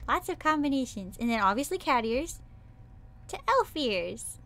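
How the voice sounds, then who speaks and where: A woman's voice: high-pitched, sing-song, normal speed, fairly bright tone. A woman streaming as a VTuber, chatting casually and playfully with her viewers, breaking into squeals and cutesy sound effects. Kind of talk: casual livestream chat.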